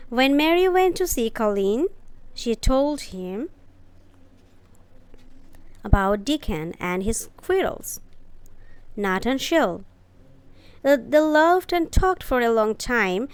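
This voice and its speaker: Slow, clear woman reading a story. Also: on the high side, very animated, no echo. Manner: careful, deliberate reading with brief explanations. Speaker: storyteller and English teacher. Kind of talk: reading a story aloud for English learners.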